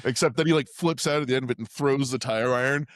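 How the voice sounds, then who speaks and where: A man's voice: medium pitch, fast, no room sound, studio quality. A man co-hosting a podcast, recapping a movie in casual, profane chat and laughing often. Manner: profane, laughing, energetic retelling. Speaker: podcast co-host.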